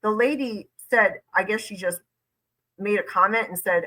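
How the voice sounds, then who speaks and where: A woman's voice: medium pitch, normal speed, pushed and bright, poor audio. A woman lawyer giving conversational reaction commentary, emphatic and repeating points for stress.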